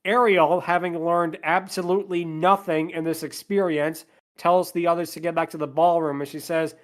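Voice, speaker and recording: A man with a slightly higher voice hosts a casual podcast. He recaps a film's plot in a steady flow and breaks off for dry, sarcastic complaints about it. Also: moderate pace. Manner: plot narration with sarcastic asides. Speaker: podcast host.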